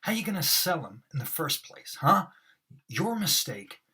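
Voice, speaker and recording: A loud, pushy salesman, bitter and brash, put on in an overacted read by a man. The voice sits noticeably higher than his normal talk and comes out husky, hammering every line. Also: sing-song, measured pace, exaggerated voice. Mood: scornful.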